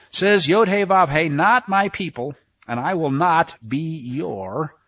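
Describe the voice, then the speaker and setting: A man preaching a sermon, reading scripture aloud and commenting with sarcastic asides, swinging between hushed passages and shouts. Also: a little high, slow pace, dry recording, muffled recording.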